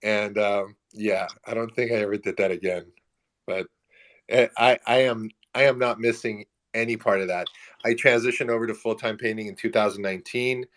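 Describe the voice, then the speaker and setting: A man in his forties, an animated, self-mocking storyteller who laughs often in a casual online audio chat. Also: fairly low pitch, moderate pace.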